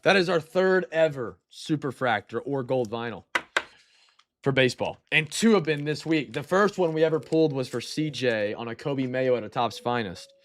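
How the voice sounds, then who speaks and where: A man hosting a live card break, excitable and shouting over big pulls, with a stuffed nose. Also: medium pitch, moderate pace, background noise.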